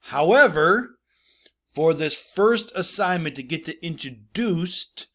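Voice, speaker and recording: A man's voice: medium pitch, sharp tone. A man teaching a recorded spelling lesson to schoolchildren, explaining patiently, repeating points and checking in with "right?".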